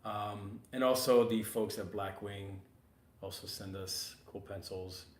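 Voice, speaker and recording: A lowish, slightly hoarse man hosts a relaxed chat, rambling and easygoing with plenty of fillers. He sounds like he's in a roomy shop, with a faint hum of ambience behind him. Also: a little slow. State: hoarse, getting over losing his voice. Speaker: podcast host. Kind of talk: casual chat. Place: art supply store, working studio.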